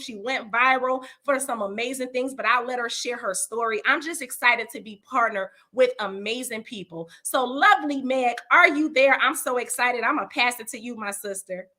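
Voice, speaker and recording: Woman host, slightly high, bright, effusive introductions. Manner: gushing, affectionate. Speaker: host of the presentation. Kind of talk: hosting and introducing speakers.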